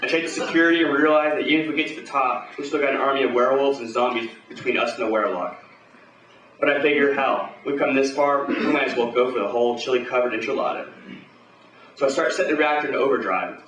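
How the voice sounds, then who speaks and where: A man telling a first-person pulp action tale aloud in a gruff, swaggering, profane, hardboiled way. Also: medium pitch, a bit bright, roomy sound, far from the mic, a little hiss or hum, poor audio. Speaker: storyteller.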